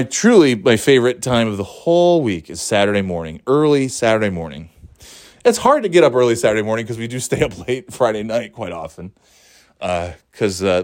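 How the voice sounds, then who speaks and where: A man's voice: medium pitch, dry recording, studio quality. A middle-aged man talking in a casual, rambling monologue, profane and sardonic, often restarting his sentences.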